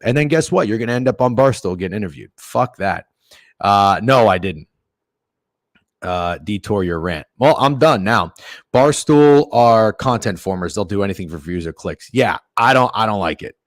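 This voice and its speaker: Profane ranting man, low dry voice. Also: lively intonation, normal speed, dry recording. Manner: profane, opinionated ranting with sudden loud outbursts. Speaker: sports betting stream host. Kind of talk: casual livestream rant and chat reading.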